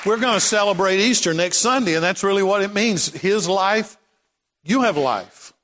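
A man preaching a sermon as pastor, swinging from loud declarations to hushed passages. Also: high-pitched, animated, moderate pace, in a large hall, some chatter behind. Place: church sanctuary.

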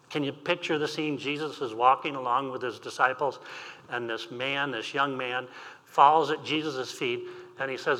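A man's voice: mid-range voice, steady tone, moderate pace, bright, forceful tone. An older man preaching a sermon as pastor, reading scripture and telling personal stories with light humor. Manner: reads scripture aloud then tells personal stories with humor. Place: church sanctuary. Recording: long reverb in a large hall.

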